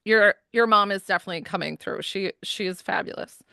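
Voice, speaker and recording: A woman's voice: mid-range voice, brisk, creaky, pushed and bright, clean tone, dry recording, clean studio sound. A woman giving a medium reading in a chatty, casual way, with lots of fillers and frequent laughs.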